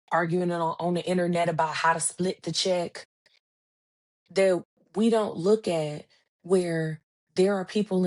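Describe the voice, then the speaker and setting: A woman in her thirties hosts a casual solo podcast with a mellow, warm tone and a slightly low voice. She talks in an easygoing, colloquial way. When she tells a story, she acts out the back-and-forth of the people in it. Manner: animated storytelling, acts out quoted dialogue; conversational, colloquial phrasing. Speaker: podcast host.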